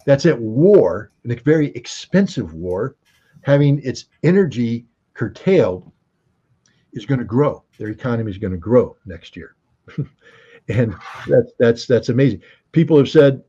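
Emphatic man with a husky, mellow voice. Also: medium pitch, muffled recording. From United States. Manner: emphatic, rhetorical questions, frequent restarts. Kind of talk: casual political commentary.

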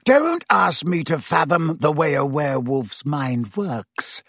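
A man's voice: a little high, expressive, takes it slowly, gravelly, a bit bright, no room sound, exaggerated voice. A man voicing a cold, vindictive middle-aged male schoolteacher who speaks silkily and hisses. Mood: spitting fury. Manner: silky, hissing, rising to shrieks.

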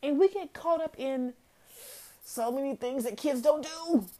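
A woman's voice: high-pitched, measured pace, mellow. A woman hosting a casual motivational talk. She speaks earnestly and repeats key phrases for emphasis. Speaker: host of a talk series.

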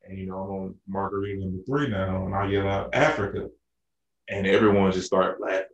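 A man from Arkansas with a very low voice tells a long, rambling story in a relaxed chat. He restarts his sentences often and leans on fillers. He sounds roomy and a little far from the mic. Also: fast talker, gravelly, muffled recording. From Arkansas, USA. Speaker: podcast co-host. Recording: roomy echo, a bit off-mic.

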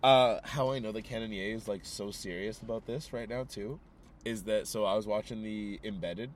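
A man's voice: on the low side, moderate pace. A young man co-hosts a podcast in an easy, casual way. He tells stories with energy and acts out what the people in them said. A faint hum of traffic sits behind his voice. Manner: animated storytelling, acting out quotes. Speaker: podcast co-host. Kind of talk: casual chat.

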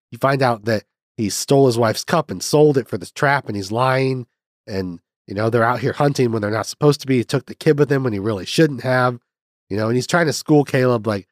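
A man's voice: mid-range voice, no echo, studio quality. Rambling man reviewing a film. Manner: rambling, swears casually, many fillers and restarts. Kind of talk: casual film discussion.

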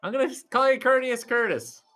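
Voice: brisk, soft background music. A vlogger giving casual play-by-play commentary at a live event, chatty and laughing often. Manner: chatty, laughs often, lively swings in pitch. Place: at a live arm-wrestling event.

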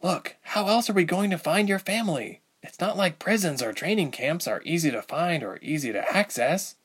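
A man's voice: on the high side, animated, moderate pace, fairly bright tone, slightly rough, pitched above the performer's own voice. A man voicing Ilse, a level-headed young woman who treats the wounded and speaks in a dry, pointed way. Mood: persuasive.

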